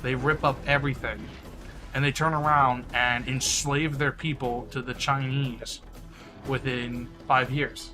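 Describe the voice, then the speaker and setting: A man's voice: medium pitch, flat delivery, a little slow, music in the background. A young man streaming a game, ranting in a crude, mocking way and laughing often. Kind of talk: casual game-stream rant.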